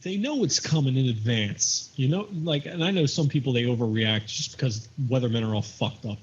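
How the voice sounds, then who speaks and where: A man's voice: medium pitch, expressive, a little fast, slightly rough, highs cut off. A man co-hosting a casual talk show, blunt and crude, swearing often. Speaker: podcast co-host. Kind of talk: casual profane chat.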